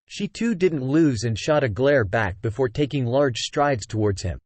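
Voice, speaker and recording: A man narrating a fantasy novel as an audiobook, in a steady storytelling manner. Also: mid-range voice, normal speed, hardly any pauses, no room sound.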